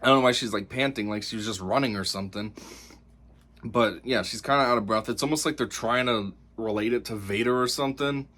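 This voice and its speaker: A man's voice: medium pitch, a little fast, fairly bright tone. A man giving a casual spoken review of a TV episode, rambling and exasperated, with lots of fillers.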